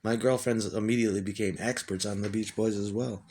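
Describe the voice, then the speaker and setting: A man, a musician, telling a rambling, profane story in a casual monologue and getting excitable as he retells it. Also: on the low side, a little fast.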